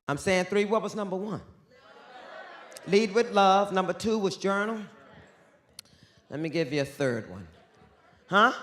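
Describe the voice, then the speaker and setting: A woman speaking as an author and guest on a theater stage, loud and bawdy, swinging between shouts and hushed whispers. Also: mid-range voice. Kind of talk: animated live stage talk. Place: theater stage before an audience.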